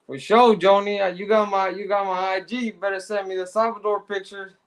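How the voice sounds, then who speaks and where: Brief: middle-aged male host with a high voice, easygoing slang-heavy chat, reads out comments. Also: little pitch movement, fairly quick. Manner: laid-back street slang, shout-outs to viewers. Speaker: live show host. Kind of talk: casual chat, reading out viewer comments.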